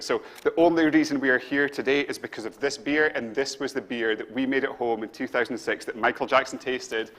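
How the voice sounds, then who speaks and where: Scottish guy running a beer tasting, excited, walks you thru it step by step. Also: medium pitch, brisk. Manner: enthusiastic, storytelling, guides viewers step by step. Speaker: brewery co-founder leading a beer tasting. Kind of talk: live-streamed casual presentation.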